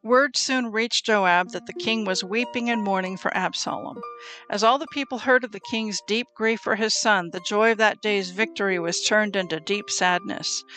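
A woman reading Bible passages aloud in a calm, measured storytelling way. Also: mid-range voice. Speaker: scripture reader.

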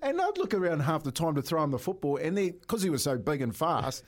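Kiwi radio co-host, higher voice, animated storyteller. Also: male voice, fairly quick. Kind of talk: casual radio banter.

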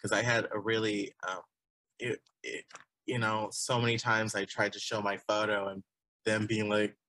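A man's voice: on the low side, flat delivery, moderate pace, pushed and bright, poor audio. A man from Texas, a podcast guest in casual chat, talking freely and repeating his phrases as he goes. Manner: chatty, repeats phrases, laughs often.

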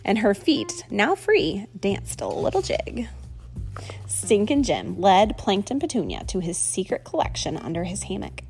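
A woman reading a children's story aloud in an expressive, animated way. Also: medium pitch, unhurried, faint music behind.

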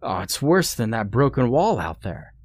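A man's voice: mid-range voice, sing-song, moderate pace. A man voicing a frightened, irritable burly young man who keeps pleading and complaining as they explore. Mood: irate, squeamish.

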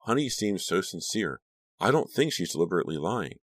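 Tense, stammering teen girl, raised pitch; male narrator voicing her. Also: sing-song, fairly quick, breathy edge, dry recording, clean studio sound, full character voice. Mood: uneasy. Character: uneasy, irritated teenage girl.

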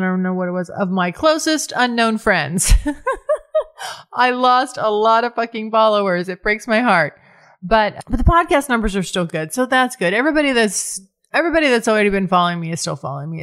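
A woman's voice: mid-range voice, a bit bright, clean tone. A woman hosting her own podcast, talking frankly and casually on her own, swearing freely and often restarting her sentences. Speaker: podcast host. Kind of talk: candid solo podcast talk.

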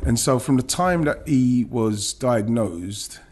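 A man's voice: mid-range voice, animated, takes it slowly, darkish tone, a little hiss or hum. A man, a former footballer, recounting his career in an emotional podcast interview, with many restarts and some swearing.

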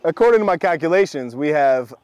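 A man's voice: on the high side, animated, a little fast, darkish tone. A young man co-hosting a podcast, chatting casually and laughing often in a playful way. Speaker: podcast co-host. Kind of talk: casual chat.

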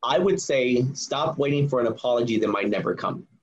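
A man's voice: medium pitch, a little fast, slightly rough, dull audio. A man in his forties, a memoir author, telling his story earnestly and emphatically as a podcast guest. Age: 40s. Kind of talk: casual podcast conversation.

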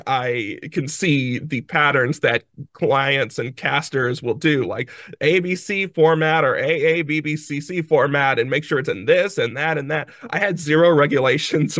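A man's voice: mid-range voice, no room sound. A man who makes a podcast and does voiceover work, chatting casually and laughing often. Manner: relaxed, laughs often, talks in bursts with restarts. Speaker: podcast creator and voice actor guest. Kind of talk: casual interview chat.

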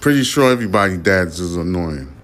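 A man's voice: deep voice, expressive, a little fast, a bit bright. A man hosting his own commentary podcast, talking bluntly and profanely in a loose, rambling way, rising to heated rants. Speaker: podcast host.

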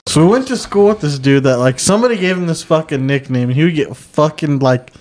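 A man's voice: on the high side, expressive, a little fast, darkish tone. A man telling prank-call stories in a casual podcast chat, laughing as he goes. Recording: noisy background.

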